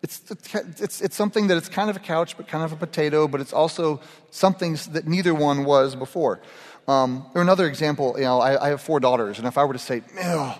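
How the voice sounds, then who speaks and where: A man's voice: fairly high pitch, quick pace. A middle-aged man giving a casual, humorous sermon to a group. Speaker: pastor. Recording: echoey hall reverb.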